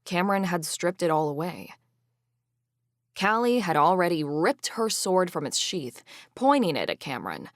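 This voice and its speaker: A woman narrating a fantasy audiobook in the first person, expressive and indignant. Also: fairly low pitch, normal speed, no room sound, studio quality.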